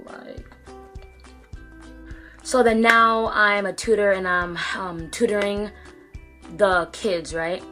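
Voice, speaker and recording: A teenage girl chats through a personal story, full of fillers and quoted back-and-forth, her pitch sitting in a middle range. Faint music plays behind her. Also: bright, forceful tone. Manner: chatty, lots of fillers and quoted dialogue. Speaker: vlogger. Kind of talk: casual storytelling.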